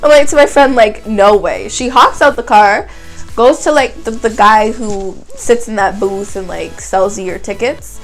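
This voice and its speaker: A woman's voice: fairly high pitch, normal speed, soft background music. An eighteen-year-old woman, telling a story vlog in a chatty, dramatic way and saying "like" a lot. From Canada. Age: young adult, 18. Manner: chatty, dramatic retelling with frequent "like". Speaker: vlogger. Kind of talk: casual storytime.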